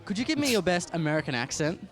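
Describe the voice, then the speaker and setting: A man from Australia fires off brisk street-interview questions. He talks extremely fast, and his voice sits higher than most men's. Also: very animated, soft background music.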